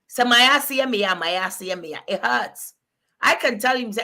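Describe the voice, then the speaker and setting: A woman in her forties hosts a frank, casual chat in a slightly high, bright, forceful voice at normal speed. She laughs often and switches languages mid-sentence.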